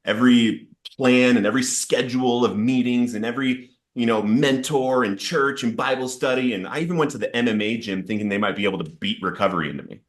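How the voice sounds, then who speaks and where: A man's voice: medium pitch, a little fast, hardly any pauses. A man sharing an earnest, emotional personal testimony about addiction and recovery as a podcast guest. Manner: earnest, storytelling with rising intensity in quoted outbursts.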